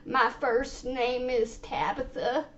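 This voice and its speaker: A woman's voice: fairly high pitch, steady tone, slow, muffled recording, slight background noise. A woman playing a timid, rambling elderly lady caller who stammers and halts as she talks. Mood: flustered.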